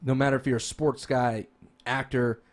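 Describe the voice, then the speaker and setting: Rambling, excited man podcast host. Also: mid-range voice, moderate pace. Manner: rambling and enthusiastic, with many restarts and "like"s. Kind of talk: casual chat about games and movies.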